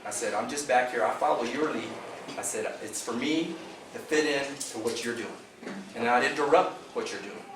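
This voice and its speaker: Animated man telling a fishing story. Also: medium pitch, moderate pace. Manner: animated, laughing, acts out dialogue. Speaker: angler telling a tournament story. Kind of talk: casual storytelling to a club meeting. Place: meeting room. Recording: echoey room from far off, background noise.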